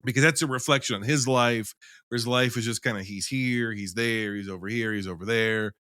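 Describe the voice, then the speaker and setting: A man's voice: mid-range voice, brisk, bright, forceful tone, clear, resonant tone, no room sound, clean studio sound. A man in a casual film-review chat, rambling and emphatic, who swears freely.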